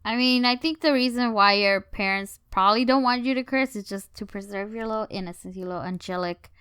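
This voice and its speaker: A woman co-hosting a comedy podcast, chatting casually with wry, deadpan asides. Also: medium pitch, fairly quick, smooth, no room sound, clean studio sound. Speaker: podcast co-host.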